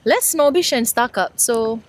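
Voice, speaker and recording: A woman's voice: fairly high pitch, expressive. A young woman, co-hosting a casual podcast chat and eager to tell her own story. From Singapore. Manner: chatty, quick to correct and take over the story. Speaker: podcast co-host. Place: outdoors.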